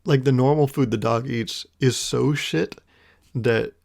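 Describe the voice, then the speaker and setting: A man's voice: mid-range voice, steady tone, unhurried, gravelly, darkish tone. A man hosting his own podcast, musing in a wry, rambling way, swearing casually and chuckling often. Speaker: podcast host. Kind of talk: casual solo podcast monologue.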